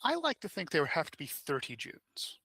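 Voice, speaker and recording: A man recaps his group's last session in a wry, chatty voice. The voice is gravelly and bright, and the recording sounds dry and close. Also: a little high, huge pitch swings, brisk, no room sound. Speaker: player. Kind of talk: casual chat recapping a game.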